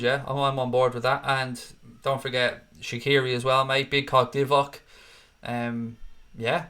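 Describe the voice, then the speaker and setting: A man's voice: mid-range voice, bright, forceful tone. A man, chatting casually as host of a live stream and reading out viewer comments. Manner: chatty, casual, swears freely.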